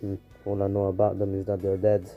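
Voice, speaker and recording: A man voicing a listless, depressed teenage boy ninja in a fan story, in a flat and weary way, with soft faint music behind. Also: low voice, a little fast, phone-quality sound.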